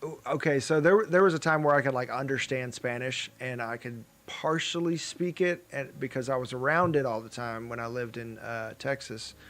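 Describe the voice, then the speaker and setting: A man's voice: mid-range voice, moderate pace, a bit bright. A man co-hosting a casual chat show, rambling through his points with lots of fillers, restarts and laughs. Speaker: podcast co-host.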